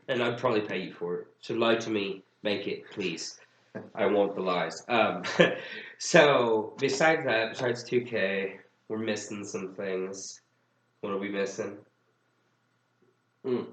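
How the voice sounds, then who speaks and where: A man's voice: on the low side, measured pace, a bit bright, roomy sound, a little hiss or hum, rough recording. A young man co-hosting a casual podcast, telling funny stories and acting out what people said, often breaking into laughter. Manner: laughing storyteller, acts out quotes. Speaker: podcast co-host. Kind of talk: casual chat.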